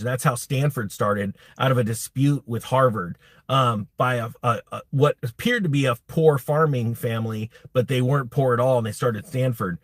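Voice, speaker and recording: A man's voice: mid-range voice, fairly quick, fairly bright tone, dry recording. A man hosting a live crypto stream, talking bluntly and rambling with many restarts. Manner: blunt, rambling, self-interrupting. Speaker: crypto YouTube host. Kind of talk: live-streamed casual rant.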